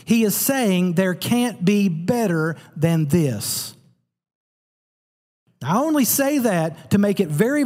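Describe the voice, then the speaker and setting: A man's voice: sits high, a little mellow, husky, in a large hall. A man preaching a sermon as pastor, teaching earnestly and repeating words for emphasis.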